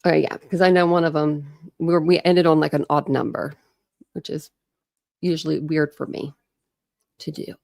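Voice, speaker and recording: A woman's voice: low-pitched, flat delivery, moderate pace, vocal fry, long pauses, a little mellow, no echo, studio quality. Chatty woman hosting a livestream. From Ohio, USA. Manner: chatty, greets viewers by name, laughs often. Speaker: true crime livestream host. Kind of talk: casual live-stream chat.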